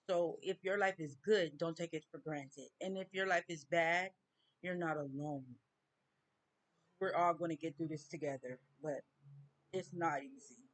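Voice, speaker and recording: A woman, talking slowly and haltingly in a personal vlog rant, near tears. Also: lowish voice, a bit bright. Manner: slow, halting, tearful grief. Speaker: vlogger.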